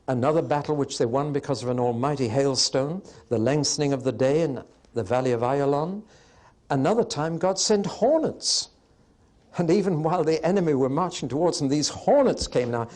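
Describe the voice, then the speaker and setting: Male preacher, mid-pitched voice, emphatic and wry, delivers a sermon to a hall audience. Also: darkish tone.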